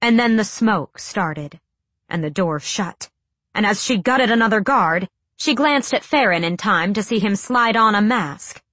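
A woman's voice: medium pitch, lively intonation, measured pace, a bit bright, no echo. A woman narrating a fantasy audiobook with a dramatic, tense delivery.

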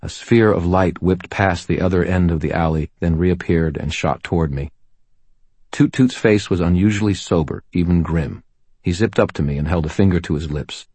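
A man with an extremely low, husky voice narrates a first-person story. His delivery is dry and wry, with a touch of humor. The recording is close and dry, with no room sound. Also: moderate pace, darkish tone, dry recording. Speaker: audiobook narrator.

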